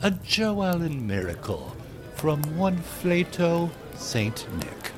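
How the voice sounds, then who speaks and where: A man's voice: fairly high pitch, sing-song, slow, over music. A man hosting the show, reciting a rhyming holiday poem in a theatrical, sing-song way.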